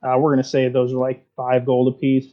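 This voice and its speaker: A man narrating a tabletop game as game master, easygoing and filling pauses with "uh". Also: mid-range voice, completely flat delivery. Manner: easygoing, many fillers. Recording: dull lo-fi sound.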